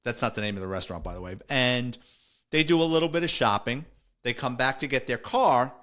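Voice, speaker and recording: Wry New ex-cop telling a story. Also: male voice, medium pitch, expressive, a little fast, fairly bright tone. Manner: wry, conversational, with restarts. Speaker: retired police officer, podcast host. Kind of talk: casual storytelling.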